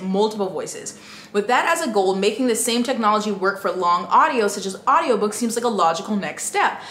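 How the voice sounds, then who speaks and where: A woman's voice: medium pitch, a bit bright. A woman book vlogger giving casual, emphatic commentary straight to her viewers while reading an article aloud. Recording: echoey room with faint noise.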